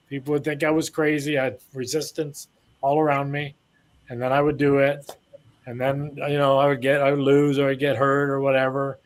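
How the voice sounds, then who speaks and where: A man's voice: fairly high pitch, flat delivery, moderate pace. A man in his sixties from Canada, a former boxer telling long rambling stories in a casual interview. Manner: rambling anecdotes, acts out quoted lines.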